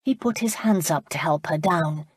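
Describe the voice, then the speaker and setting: A woman reading a historical romance audiobook in calm, even scripted narration. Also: low-pitched, moderate pace, breathy edge, no room sound, studio quality.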